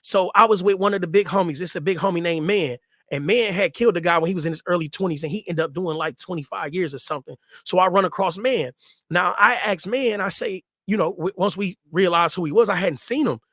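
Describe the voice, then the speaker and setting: A man's voice: sits high, fast, fairly bright tone, no room sound, clean studio sound. A man in his thirties casually telling a story in loose street slang and repeating himself for emphasis.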